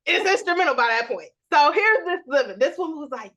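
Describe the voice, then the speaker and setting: A woman from New York co-hosting a podcast, telling an animated, explicit family story and acting out the quotes. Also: on the high side, fast, hardly any pauses, highs cut off. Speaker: podcast co-host. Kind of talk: casual storytelling chat.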